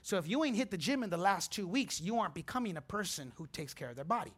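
A man in his forties preaches with an animated, story-driven delivery, often laughing and acting out the people in his tale. His voice sits high and sounds bright and forceful. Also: quick pace, breathy edge. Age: 40s. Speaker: pastor. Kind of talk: sermon.

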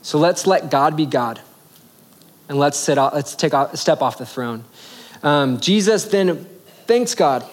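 A man's voice: on the high side, animated, a little slow, pauses often. Casual, slangy young male preacher. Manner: casual, conversational preaching with slang and acted asides. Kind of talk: sermon.

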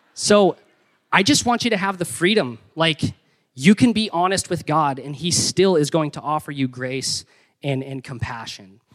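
A young man preaching a sermon in an energetic, conversational way with playful emphasis. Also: a little high, a little slow, long pauses. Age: young adult. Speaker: pastor.

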